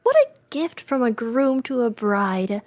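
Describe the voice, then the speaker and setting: A woman's voice: fairly high pitch, huge pitch swings, a little slow, a little mellow. A woman doing a jovial young groom. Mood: brisk. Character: brisk, good-humored young groom.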